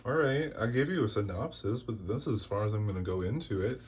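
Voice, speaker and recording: A man's voice: fairly low pitch, animated, fast talker, a little mellow, slight background noise. Exasperated man scolding through a tarot reading. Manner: exasperated, scolding, rhetorical questions. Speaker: tarot reader. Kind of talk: casual tarot reading to camera.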